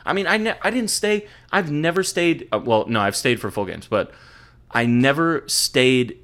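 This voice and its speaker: A man's voice: mid-range voice, animated, moderate pace, a bit bright. A young man hosting a podcast, telling rambling sports stories in casual chat, swearing freely. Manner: profane, rambling storyteller. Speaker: podcast host.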